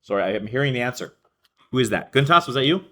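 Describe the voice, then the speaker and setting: A man's voice: mid-range voice, lively intonation, quick pace, sharp tone. Man teaching a math class. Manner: thinks aloud, self-correcting, addresses students by name. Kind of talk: classroom lesson.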